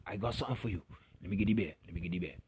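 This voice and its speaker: Man putting on a soft, low, coaxing Jesus voice for a retold meme. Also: rapid-fire, slightly rough. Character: gentle coaxing Jesus offering a bigger bear.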